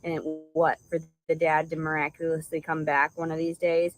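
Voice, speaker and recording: A woman's voice: low voice, level tone, fairly quick, few pauses, poor audio. A woman delivering an angry, profanity-laden vlog rant, insulting and rambling. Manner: furious, insulting, stream-of-consciousness. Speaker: vlogger.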